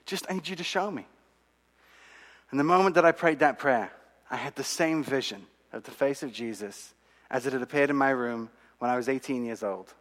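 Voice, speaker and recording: A man telling his own faith story to an audience, animated and dramatic, with asides to the listeners. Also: medium pitch, a little fast. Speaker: speaker giving a testimony. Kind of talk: sermon-style storytelling. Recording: long hall reverb.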